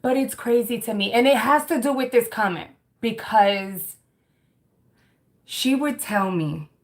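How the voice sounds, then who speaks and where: A woman's voice: on the high side, measured pace. A woman in her thirties hosting a livestream, chatting candidly and reading viewer comments, rambling with many fillers and restarts. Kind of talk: casual chat.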